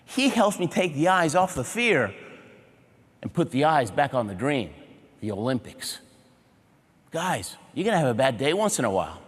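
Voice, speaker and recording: Animated man speaking in a reverberant hall. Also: on the high side, moderate pace, pauses often, husky. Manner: animated, punchy short phrases with audience check-ins. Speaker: motivational keynote speaker. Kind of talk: humorous motivational storytelling. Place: large auditorium before a big audience.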